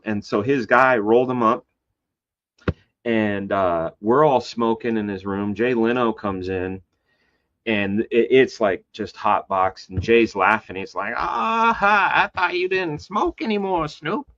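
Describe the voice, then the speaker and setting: A man, a comic book artist, telling a rambling story in casual conversation, jumping into high voices to act out quotes. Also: measured pace. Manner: animated, acts out quoted voices with big pitch jumps; loose and rambling with many fillers and restarts. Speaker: guest. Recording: slightly dull lo-fi sound.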